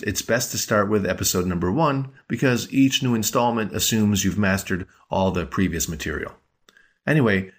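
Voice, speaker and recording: This is a patient male podcast teacher with a somewhat low voice. He talks through a scripted language lesson clearly and slows down whenever he lands on a key word. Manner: clear, patient explaining with slowed-down emphasis.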